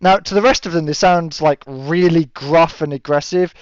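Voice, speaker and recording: A man's voice: fairly high pitch, a little fast, dry recording. A man running a tabletop game as game master, chatting casually with fillers and laughing asides. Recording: dull lo-fi audio with a dry sound.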